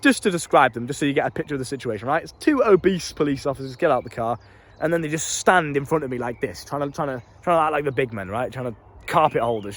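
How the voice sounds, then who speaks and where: Fast, animated British young man. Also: mid-range voice, a little hiss or hum. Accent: British English. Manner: animated, laughing often, swears freely, slangy. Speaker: self-improvement YouTuber. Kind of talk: casual storytelling.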